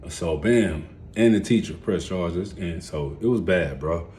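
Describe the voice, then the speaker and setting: A man in his forties telling his life story in a casual, rambling way, heavy on street slang, dropping to mumbles and then jumping up loud and excited. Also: deep voice, a little slow, a little hiss or hum. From United States.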